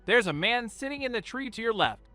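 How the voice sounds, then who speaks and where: A man voicing a gruff male fox spirit who speaks inside a boy's mind, in a growling voice. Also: very high-pitched, sing-song, fairly quick, sharp tone, soft background music, voice pushed up, full character voice. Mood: warning.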